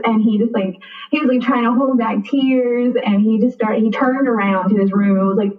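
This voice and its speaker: A woman's voice: mid-range voice, fairly even intonation, quick pace, roomy sound. A young woman telling a personal story in a chatty way, often saying "like" and acting out both sides of a conversation. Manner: chatty, frequent "like", acts out dialogue. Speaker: guest. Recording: tinny phone-line sound, distant.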